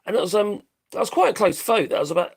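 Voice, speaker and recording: Middle-aged British streamer, blunt and sweary, rambles; high-pitched with a gravelly edge. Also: male voice, quick pace. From Britain. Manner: blunt, sweary, rambling, laughs at own jokes. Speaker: live stream host. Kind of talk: casual live-stream commentary.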